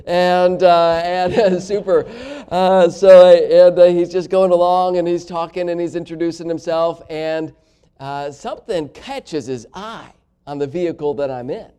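A man's voice: high-pitched, normal speed, mellow, smooth. A man preaching a sermon, telling a personal story in a folksy way, with many fillers and chuckles. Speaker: pastor.

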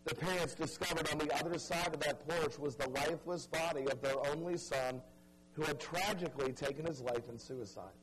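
A man preaching a sermon, telling a story dramatically and pleading earnestly with his listeners, dropping soft and stretching key words for emphasis. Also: on the high side, fairly quick, poor audio. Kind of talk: evangelistic sermon.

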